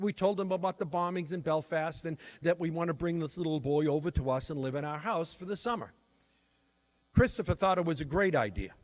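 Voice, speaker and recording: An older man giving a workshop talk on teaching children, telling a personal story in an earnest, reflective way. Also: fairly high pitch. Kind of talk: storytelling lecture.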